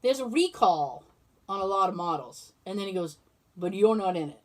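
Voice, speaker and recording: Animated woman telling a story. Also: mid-range voice, moderate pace. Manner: animated storytelling, acting out both sides of conversations; blunt, swears freely. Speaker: podcast host. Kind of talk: casual chat.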